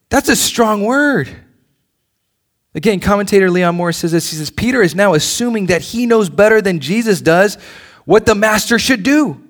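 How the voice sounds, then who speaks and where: A middle-aged man, a pastor, preaching a conversational sermon in a church, swinging between loud pleas and soft asides. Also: sits high.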